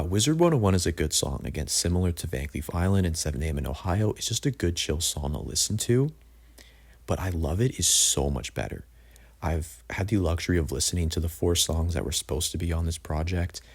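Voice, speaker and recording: A man's voice: a bass voice, slightly rough. A young man reviewing music in a casual, opinionated way, blunt and full of "like". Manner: opinionated, blunt, says "like" often. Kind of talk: casual album ranking review.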